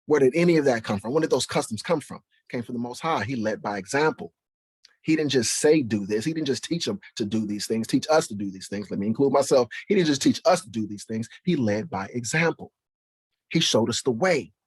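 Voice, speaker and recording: A man's voice: medium pitch, lively intonation, a little fast, husky, no room sound. A man preaching and teaching from the Bible, who fires rhetorical questions at his listeners and keeps checking in with "right?". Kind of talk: preaching to camera.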